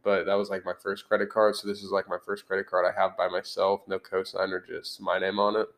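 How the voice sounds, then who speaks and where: A man in his twenties hosting a casual podcast chat, upbeat and quick to laugh. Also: sits low, monotone, fairly bright tone. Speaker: podcast host.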